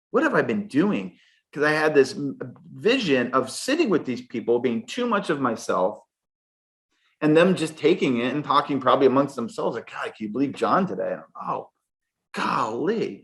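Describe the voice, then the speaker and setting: A middle-aged man, a podcast guest, telling a candid personal story in an animated way. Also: medium pitch. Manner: candid, animated, fast bursts. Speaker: podcast guest, sales executive. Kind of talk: storytelling interview answer.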